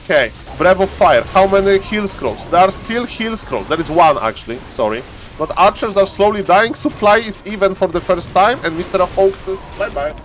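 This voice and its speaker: Excitable man casting a live game. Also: sits high, a little hiss or hum. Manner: excitable, chatty, laughs often, halting restarts. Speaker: game caster and streamer. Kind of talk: live game commentary on stream.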